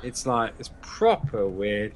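A man's voice: lowish voice, sing-song, slow pace. A man co-hosting a fan podcast, chatting enthusiastically, repeating himself with plenty of fillers. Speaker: podcast co-host. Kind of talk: casual podcast chat.

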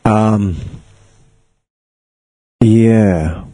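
South african-born guy, husky voice, jokey storyteller, dry close mic. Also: fairly low pitch, drawn-out words, dry recording. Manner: animated storyteller, jokey, laughs often. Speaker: actor guest. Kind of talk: casual interview chat.

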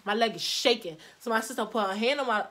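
A woman's voice: a little high, fast talker. Slangy young woman telling stories. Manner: slangy and animated, acts out quotes. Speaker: vlogger. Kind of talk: casual storytime chat.

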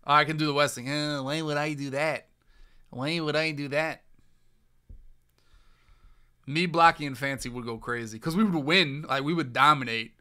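A man's voice: medium pitch, pushed and bright. A young man hosting a gaming podcast, chatting casually with loose, joking trash talk. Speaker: podcast host. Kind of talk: casual chat while streaming.

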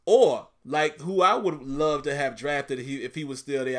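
A man's voice: a little high, normal speed, fairly bright tone. Laid-back Southern man chatting on a livestream. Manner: laid-back, chatty, laughs often, repeats himself. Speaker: YouTube livestream host. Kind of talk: casual livestream chat reading viewer comments.

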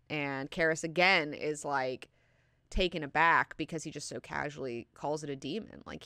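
Chatty swearing woman, crisp bright voice. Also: deep voice, dry recording, studio quality. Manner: chatty, swears a lot, lots of "like" and "you know". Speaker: book class host. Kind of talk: casual book discussion.

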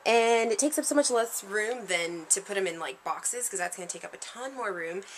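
A woman's voice: medium pitch, expressive, normal speed, slight background noise. A young woman chatting upbeat to a handheld camera in her apartment. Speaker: vlogger. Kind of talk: casual vlog chat. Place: apartment indoors.

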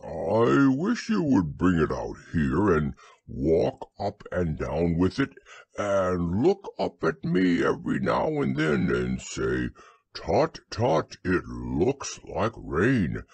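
A man voicing a gentle, slow-thinking teddy bear in a bedtime audiobook, musing and earnest. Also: sits low, vocal fry, slightly rough, no room sound, full character voice. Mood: hushed.

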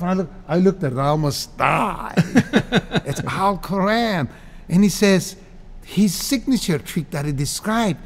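A man in his sixties from Cyprus, telling stories as a guest in a casual interview, animated and laughing often. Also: high voice, unhurried. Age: 60s.

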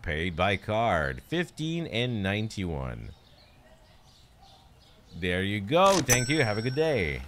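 A low-voiced young man commentating a game stream, his pitch swinging widely as he hams up a courteous shopkeeper greeting customers. He talks at an unhurried pace with a bright, forceful tone. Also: huge pitch swings, a little hiss or hum. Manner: playful, role-plays a polite cashier greeting customers. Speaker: streamer playing a shop game.

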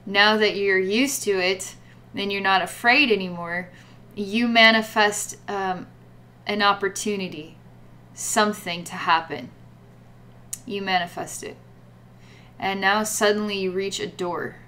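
A woman's voice: medium pitch, fairly even intonation, unhurried, long pauses, bright, forceful tone, a little hiss or hum. Woman, psychic reader, guided spiritual reading, rambling, filler words, repeats herself. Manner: rambling, full of "like" and repetitions.

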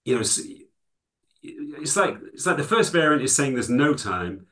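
A man's voice: fairly high pitch, big pitch swings, moderate pace, a bit bright. A man from England, a guest in an interview, explaining his ideas in a thoughtful, conversational way with frequent "you know" fillers. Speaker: guest, psychology lecturer and author.

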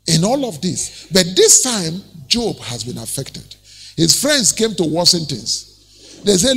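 Nigerian pastor, high lively gravelly voice, sermon in an echoing church. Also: male voice, unhurried. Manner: animated storytelling preaching with laughs.

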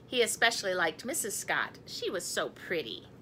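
A woman's voice: fairly low pitch, sing-song, moderate pace, background noise. A woman reading a picture book aloud in a chatty manner. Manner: chatty, breaks off to talk to her cat and laugh. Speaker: storybook reader.

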